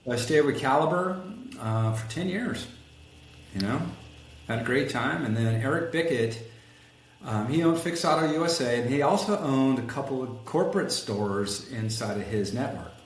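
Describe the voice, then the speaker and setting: A man telling a story in a casual interview, animated and acting out quotes, rough around the edges. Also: medium pitch, normal speed. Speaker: guest, collision shop executive. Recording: echoey room with faint background noise.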